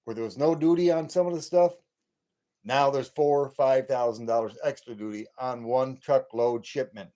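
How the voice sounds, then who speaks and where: A man's voice: mid-range voice, normal speed, mellow. A man in his late fifties hosting a late-night livestream, ranting and rambling with many repeats and restarts. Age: 50s. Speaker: livestream host.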